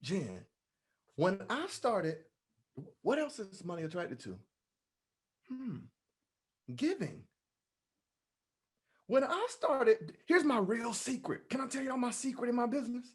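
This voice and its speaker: A man's voice: very high-pitched, takes it slowly, long pauses, husky. A man speaking as a guest at an online meetup, giving a playful, preacher-like motivational talk. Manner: animated, playful, preacher-like delivery. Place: online meeting.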